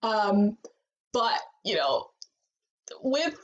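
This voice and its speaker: A woman co-hosting a casual fan podcast, talking in an animated way with frequent laughs and fillers. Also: mid-range voice, very slow. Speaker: podcast co-host. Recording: muffled lo-fi sound.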